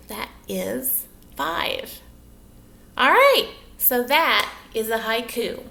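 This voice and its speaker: An American woman leads a children's lesson in a fairly high, sing-song voice. She takes her time and stretches each word as she reads. Her voice rings a little in an echoey room. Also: sing-song, creaky. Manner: bright, sing-song teacher voice, slowing to read poems aloud. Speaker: movement artist teaching children.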